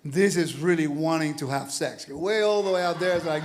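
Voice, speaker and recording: A man teaching a congregation, lively and animated, often asking his listeners questions. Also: on the high side, moderate pace. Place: congregation hall.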